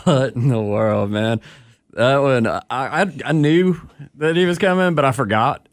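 A man on a radio show trades dry, self-deprecating remarks with his co-hosts. His voice sits at a middle pitch and sounds close and dry, with no room around it. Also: measured pace, dry recording. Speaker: radio co-host. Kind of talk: casual radio banter.

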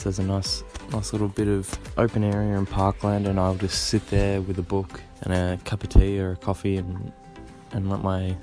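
A man speaking calmly and slowly in a reflective segment, with small restarts. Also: low voice. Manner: calm, slow, with small restarts.

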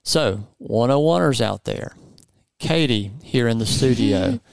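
A man hosting a casual studio chat, relaxed and playful, with lots of fillers. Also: medium pitch, unhurried, creaky, no echo. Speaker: podcast host.

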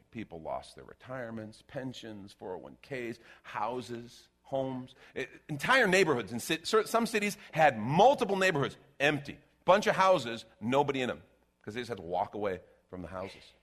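A man preaching a conversational sermon, animated and given to sarcastic asides and quick restarts. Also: mid-range voice. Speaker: pastor.

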